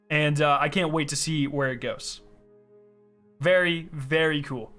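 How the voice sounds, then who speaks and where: A young man streaming live, chatting casually and excitedly with his chat, reading their questions aloud and answering them. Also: fairly high pitch, moderate pace, faint music behind.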